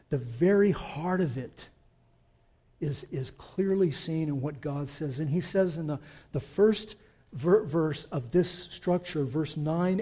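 A man preaching to his congregation in a fairly high voice. He talks things through quietly with them, checking that they follow, then builds to loud, forceful proclamations. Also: breathy edge. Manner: swells from quiet explanation to loud emphatic declarations; conversational asides to the congregation. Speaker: pastor. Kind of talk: sermon.

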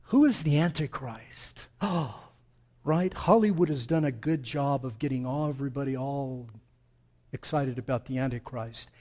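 A man preaching a sermon to his congregation, emphatic and animated, with joking asides to the listeners. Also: mid-range voice, normal speed. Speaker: pastor.

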